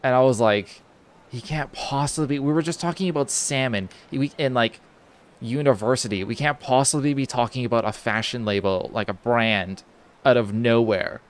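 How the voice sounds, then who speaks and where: A man's voice: mid-range voice, moderate pace. A young man streaming a video game, telling a story in a rambling, casual way, with lots of restarts, filler words and casual swearing. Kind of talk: casual storytelling while gaming.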